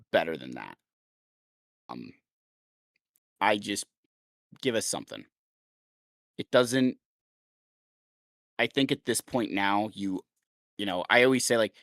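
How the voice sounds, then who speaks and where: Low-voiced man, dry close sound. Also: a bit bright, no room sound. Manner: rambling, filler-heavy, blunt. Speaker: podcast co-host. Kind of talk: casual chat.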